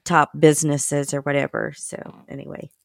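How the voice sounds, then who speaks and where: A woman co-hosting a casual political chat, talking haltingly with many fillers. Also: low voice, little pitch movement, vocal fry, dry recording, studio quality. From United States. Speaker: podcast co-host.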